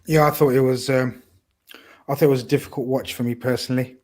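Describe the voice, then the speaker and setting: A man's voice: medium pitch, fairly even intonation, quick pace, a little mellow. A man talking football on a casual podcast, talkative and blunt, swearing casually. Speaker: podcast co-host.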